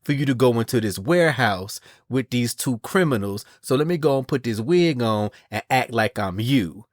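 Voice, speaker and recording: A man's voice: medium pitch, animated, moderate pace, no room sound, studio quality, natural voice. A man voicing a bold young woman fighter who talks in a sassy, casual way. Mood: brash.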